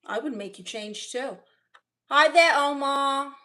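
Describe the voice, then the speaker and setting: A woman hosts a casual livestream from home, joking with her viewers and answering their comments. Her voice sits somewhat high and has a sharp, bright edge. She talks in a lively and expressive way. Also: takes it slowly. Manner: chatty, jokey and expressive. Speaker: comedian streamer.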